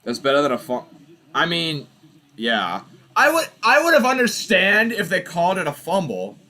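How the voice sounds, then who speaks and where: Speaking at normal speed in a voice on the high side, a young man runs a football watch party with laid-back live commentary. He gets animated and exasperated, ranting about the refs.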